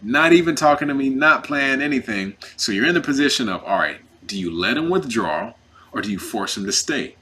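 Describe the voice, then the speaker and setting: A man who is representing himself in a custody case tells his story in a casual, animated and indignant way, acting out what others said. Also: mid-range voice, a little fast, breathy edge. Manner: emphatic, indignant.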